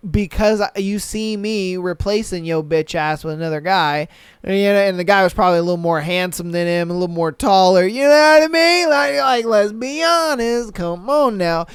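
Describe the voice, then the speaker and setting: A young man hosting a podcast, reading listener stories aloud and reacting with animated, profane commentary. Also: high voice, clean tone, no room sound, studio quality. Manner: animated, swears a lot, mocks with put-on quotes. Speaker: podcast host.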